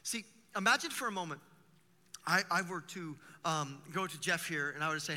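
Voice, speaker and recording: A man preaching a sermon as pastor, talking in an animated, conversational way with vivid everyday examples. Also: a little high, brisk, long reverb tail.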